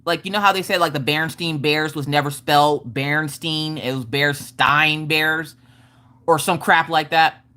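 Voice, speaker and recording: A woman hosting a casual livestream chat, telling stories in an animated way and going off on tangents while answering her viewers. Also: low-pitched, moderate pace. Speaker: livestream host. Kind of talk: casual chat with live chat readers.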